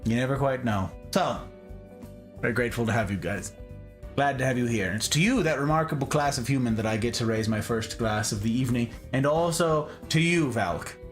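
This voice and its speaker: A man's voice: medium pitch, brisk, faint music behind. A man hosting a casual livestream, greeting viewers by name in a playful, theatrical, sing-song way. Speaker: livestream host.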